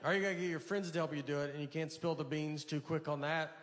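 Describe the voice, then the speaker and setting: A man performing a stand-up routine, telling rambling stories in a halting, deadpan way. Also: fairly high pitch, some chatter behind. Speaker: stand-up comedian. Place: large venue with a live audience. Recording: live stage mic in a reverberant hall with audience noise. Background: audience laughter.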